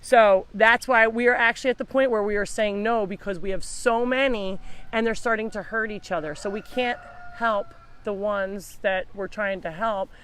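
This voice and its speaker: A woman's voice: mid-range voice, normal speed, a bit bright, clear, resonant tone. Chatty woman talking to rescue animals. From New Jersey. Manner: chatty, talks to the animals while explaining. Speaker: animal sanctuary founder hosting a live video. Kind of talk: casual live-stream chat. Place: animal sanctuary room.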